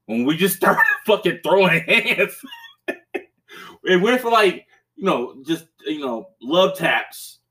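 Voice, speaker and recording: A man's voice: high voice, big pitch swings, takes it slowly, pushed and bright. A man hosting a podcast, telling a story in casual chat, profane and rambling, with restarts and bursts of laughter. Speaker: podcast host.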